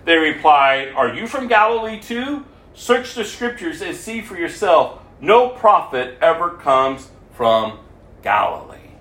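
A man's voice: fairly high pitch, very animated, unhurried, fairly bright tone. A man preaching, reading scripture aloud and adding his own commentary, lifting his voice for the quoted speech. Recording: echoey room.

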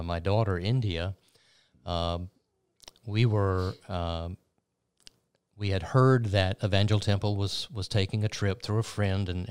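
A man interviewing a guest in a measured way, pausing with fillers now and then. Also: low voice, darkish tone, smooth, no echo. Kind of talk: interview conversation.

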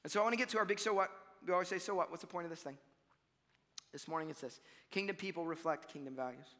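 A young man preaching from the front of a church, his voice high and bright. He talks casually to the congregation, then punches key lines loudly before dropping to near-quiet asides. The sound carries a long hall reverb. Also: fast talker. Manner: animated, conversational preaching with shifts between loud emphasis and quiet asides. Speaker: pastor. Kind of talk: sermon.

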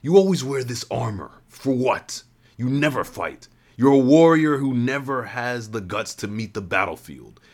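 A man's voice: mid-range voice, animated, moderate pace, pitched above the performer's own voice, natural voice. A man voicing a scornful male villain. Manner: scornful, accusing. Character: cold, contemptuous male villain judging rulers.

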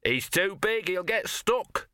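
A man's voice: high-pitched, expressive, takes it slowly, sharp tone, clear, resonant tone, no room sound, clean studio sound, pitched above the performer's own voice, full character voice. A man reading aloud and voicing a grudging, streetwise male talking dog in an audiobook. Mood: strained.

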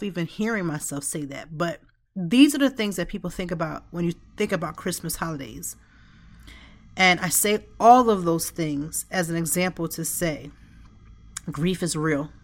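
Low-voiced woman, heartfelt podcast talk. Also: moderate pace. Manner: heartfelt, conversational, with frequent "like" and "you know". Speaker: podcast host. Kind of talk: reflective podcast monologue. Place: home office.

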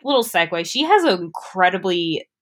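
A woman co-hosting a casual movie discussion, animated and jumping up in pitch when she acts out scenes. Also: normal speed. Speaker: podcast co-host.

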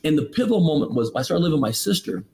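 A man's voice: a little high, sing-song, very fast, a little mellow. A man in his thirties, a podcast guest, telling a personal story with emphatic, preachy rhetorical questions. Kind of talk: candid motivational storytelling.

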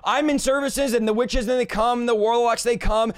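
A man's voice: very high-pitched, fairly even intonation, normal speed. A male host talking in a fervent, emphatic preaching style, stacking up repeated declarations. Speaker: show host. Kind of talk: preaching-style talk show chat.

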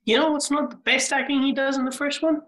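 Podcast co-host, hesitant casual chat, bright tone, roomy echo. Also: high-pitched, fairly even intonation, fast talker. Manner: hesitant, restarts, dry remarks.

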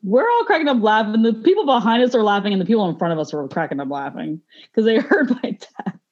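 A woman's voice: mid-range voice, big pitch swings, fast talker, muffled recording. A woman telling stories as a podcast guest, rambling with fillers and laughing often. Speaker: podcast guest, gym teacher. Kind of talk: casual chat, storytelling.

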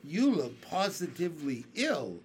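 A man's voice: a little high, very animated, measured pace, a little hiss or hum. A man voicing an old green grasshopper in a storybook reading, concerned and welcoming.

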